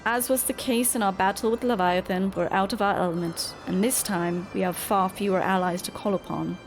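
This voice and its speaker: A woman's voice: mid-range voice, steady tone, a little fast, slight background noise, natural voice. Woman reading an earnest young scholar. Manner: formal, old-fashioned wording.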